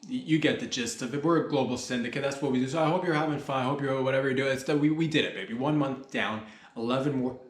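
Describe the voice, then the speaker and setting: A man's voice: medium pitch, fast talker. A man hosting a solo comedy podcast, rambling loosely, joking and swearing as he goes. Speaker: podcast host. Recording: echoey room.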